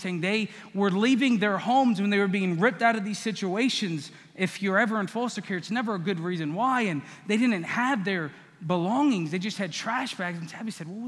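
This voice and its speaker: A man's voice: sits high, fairly bright tone, big-room sound. A man preaching a sermon as pastor, conversational and teasing the congregation by name.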